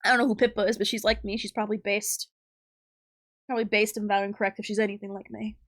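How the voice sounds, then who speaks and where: A woman's voice: medium pitch, little pitch movement, quick pace. A young adult woman streaming live, rambling in crude, giggly banter with her chat. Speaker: livestreamer.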